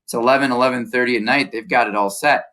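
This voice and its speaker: A man of middle pitch tells a long story in a relaxed conversational tone, full of small restarts and "uh"s. He walks through each step of what happened in detail. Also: fast. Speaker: baseball reporter and analyst.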